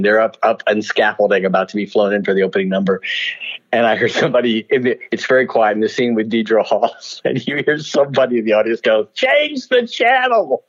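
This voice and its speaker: A man telling anecdotes as an interview guest, animated and often laughing as he acts out what people said. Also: fairly low pitch, muffled recording. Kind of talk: storytelling interview.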